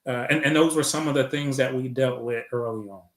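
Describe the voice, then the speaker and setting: A middle-aged man from Chicago tells a personal story on a podcast, slipping into the voices of the people he remembers. His pitch sits in the middle range, and the recording carries a noticeable roomy echo. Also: a little fast. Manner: reflective, retells events with quoted dialogue. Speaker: podcast guest. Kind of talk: storytelling in conversation.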